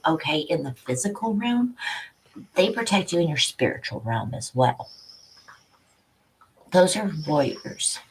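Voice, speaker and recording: A woman with a low, deep voice gives a relaxed spiritual tarot reading to camera from her home. She talks in a loose, chatty way and drifts easily into asides. A faint noise sits under the recording. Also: poor audio. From Louisiana. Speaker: tarot reader and psychic. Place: home room with dogs nearby.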